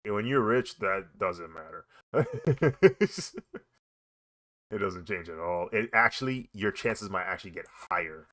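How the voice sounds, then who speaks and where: Low-voiced young man chatting while drawing. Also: lively intonation, measured pace, fairly bright tone. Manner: rambling, laughs often, says "bro" a lot. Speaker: artist streaming a drawing session. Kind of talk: casual chat while drawing.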